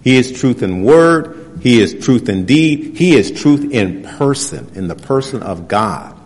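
A man preaching a sermon. He reads scripture passages slowly and presses his points with rhetorical questions. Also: medium pitch, expressive, a little mellow. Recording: long hall reverb.

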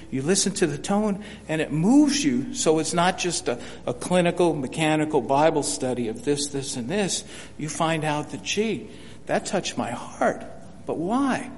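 An older man teaching a Bible study in a folksy, conversational way, often repeating words and acting out the lines he quotes. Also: fairly high pitch. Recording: reverberant hall with faint hum.

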